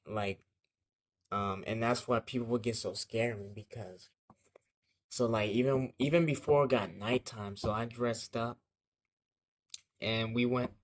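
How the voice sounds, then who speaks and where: A young man telling a childhood story in a casual vlog, rambling and slangy, with lots of fillers and swearing. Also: lowish voice.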